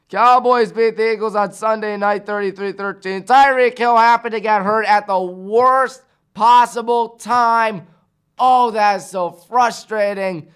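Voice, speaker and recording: A man hosting a sports talk show, giving a casual recap of scores and his picks in an excitable way, full of rhetorical questions and exclamations. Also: sits high, clear, resonant tone.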